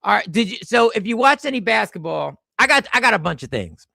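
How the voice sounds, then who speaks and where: Guy hosting a podcast, lively and playful, gravelly voice, dry close sound. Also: high voice, a little fast, dry recording. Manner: animated, playful storytelling. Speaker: podcast host. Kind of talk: casual chat.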